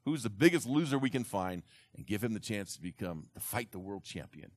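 Lower-voiced man telling a story. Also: fairly quick, no room sound. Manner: animated retelling, slips into character voices. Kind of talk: storytelling talk to an audience.

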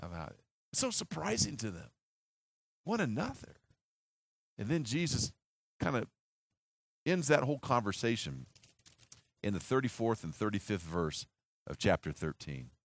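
Animated male preacher, lively delivery. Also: mid-range voice, vocal fry, dry recording. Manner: animated storytelling, acting out disciples' reactions; drops to a hushed, slow voice for solemn moments. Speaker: pastor. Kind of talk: sermon.

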